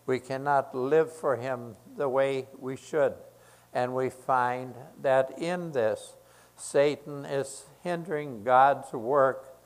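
Slow, earnest male preacher. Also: mid-range voice, low-quality recording. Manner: slow, earnest, repeating phrases for emphasis. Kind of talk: sermon.

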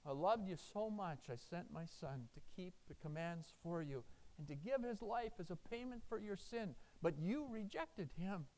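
A man preacher voicing God on Judgment Day in a quiet, solemn way. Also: sits high, lively intonation, normal speed, rough recording.

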